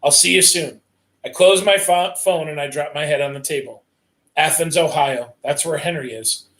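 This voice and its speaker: A man's voice: fairly high pitch, moderate pace. A man reading a first-person novel aloud in an earnest, tense storytelling manner. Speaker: reader.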